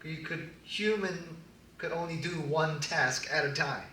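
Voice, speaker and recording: Animated joking pastor in an echoey hall. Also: male voice, on the high side, measured pace, a little hiss or hum. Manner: animated, laughing, joking asides. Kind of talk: casual sermon. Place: church hall. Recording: echoey hall, distant mic.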